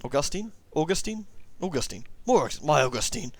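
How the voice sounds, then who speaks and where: A man's voice: medium pitch, steady tone, normal speed, fairly bright tone, no echo, lightly acted. A man voicing an elderly, sentimental drunken sailor with theatrical, old-fashioned speech in a comedy accent. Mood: overjoyed, anxious. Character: elderly male drunken sailor, sentimental about his lost ship. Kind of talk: comedy voice in a game playthrough.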